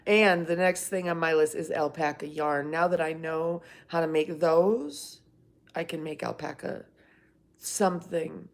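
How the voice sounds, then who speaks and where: A woman's voice: sits low, fairly even intonation, measured pace. Chatty middle-aged woman on a livestream. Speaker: livestream host. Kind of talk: casual live-stream chat, reading viewer comments.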